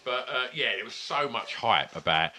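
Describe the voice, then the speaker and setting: A man's voice: medium pitch, lively intonation, moderate pace, sharp tone, slight background noise. A man, co-hosting a casual podcast chat and telling rambling, sweary stories. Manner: rambling, sweary, chatty storytelling. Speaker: podcast co-host. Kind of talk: casual chat over beers.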